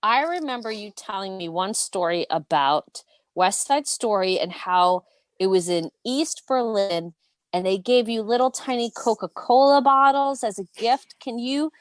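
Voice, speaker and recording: A woman's voice: medium pitch, animated, unhurried, dry recording. A woman hosting an interview podcast, asking questions and reacting with emotional interjections. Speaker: podcast host.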